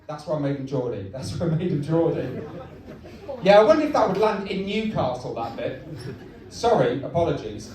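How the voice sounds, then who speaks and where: A young stand-up comedian, deadpan and self-mocking, with a fairly high voice. He is heard from a distance in a very echoey comedy club. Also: brisk.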